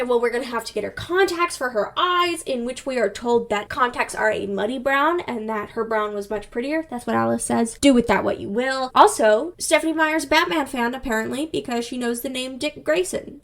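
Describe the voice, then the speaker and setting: Chatty, rambling woman with a high voice. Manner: rambling, chatty, with wry asides; acts out characters' lines in quick voices. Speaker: book recap vlogger. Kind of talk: casual book recap.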